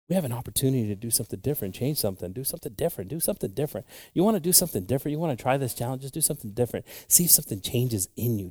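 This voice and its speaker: A man's voice: medium pitch, mellow, breathy edge, no echo. Guy preaching a sermon, loose and chatty, laughs a bit, dry sound. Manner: casual, rambling preaching with chuckles and restarts. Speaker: pastor.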